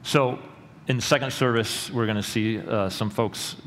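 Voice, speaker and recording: A middle-aged male pastor preaching a sermon in a church, earnest and rising to loud emphatic peaks. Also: medium pitch, normal speed. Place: church sanctuary. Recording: long hall reverb with faint room noise.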